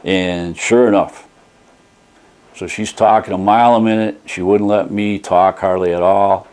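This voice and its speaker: A man's voice: low-pitched, steady tone, a little slow, darkish tone, smooth. A man telling a casual, rambling story in a folksy manner while reviewing a product he bought. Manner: rambling folksy storytelling, retelling a phone call.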